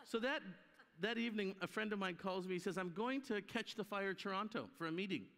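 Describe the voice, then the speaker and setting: Here a guest preacher speaks fast in a high-sitting voice, delivering a conference sermon full of stories. Animated throughout, he gives each character a voice of its own, and the church hall live stream carries a long, echoing reverb.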